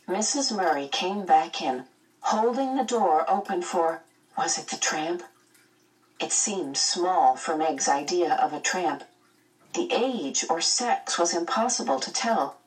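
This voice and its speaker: A woman narrating a children's novel aloud in a measured, expressive way. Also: fairly low pitch, far from the mic, poor audio. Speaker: audiobook narrator. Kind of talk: storybook narration.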